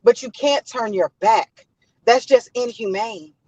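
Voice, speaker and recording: Heated high-voiced woman host. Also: a little slow, a little mellow, slightly rough, no room sound, rough recording. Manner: passionate, emphatic, indignant. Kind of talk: casual commentary.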